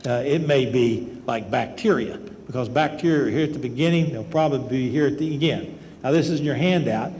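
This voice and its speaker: A man's voice: medium pitch, brisk, a little mellow. An older man, a medical school professor, giving a lecture in a folksy, conversational storytelling manner. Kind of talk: lecture with personal stories. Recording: lecture hall with long reverb and faint noise.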